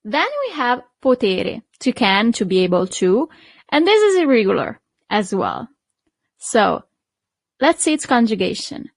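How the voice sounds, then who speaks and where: Lady teacher going slow, stretching out words for you to repeat, dry close mic. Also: fairly high pitch, sing-song, no room sound. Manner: slow, drawn-out model pronunciations for repeating. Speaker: Italian teacher. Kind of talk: online language lesson.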